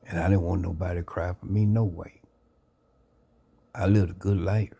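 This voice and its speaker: A man earnestly sharing his life story into a phone camera, reflective and unhurried. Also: low-pitched, steady tone, creaky, dark tone, breathy edge. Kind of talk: personal testimony, casual talk.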